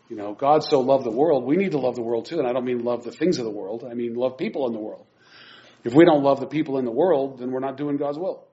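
A man's voice: medium pitch, darkish tone. A man preaching an informal sermon from a church pulpit, reading scripture and chatting in a self-mocking way. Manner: chatty, laughs at himself, restarts phrases. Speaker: preacher teaching a Bible class. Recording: dull lo-fi recording.

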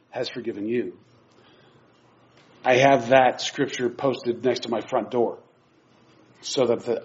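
A man's voice: mid-range voice, a little mellow. A man preaching an informal sermon from a church pulpit, reading scripture and chatting in a self-mocking way. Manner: chatty, laughs at himself, restarts phrases. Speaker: preacher teaching a Bible class. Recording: dull lo-fi recording.

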